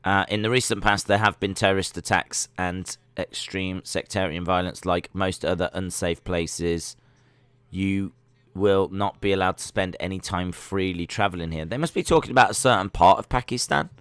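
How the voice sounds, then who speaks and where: A man's voice: low voice, normal speed, a bit bright, smooth, dry recording. A man hosting a casual live watch-along stream, chatting and reading search results and chat messages aloud.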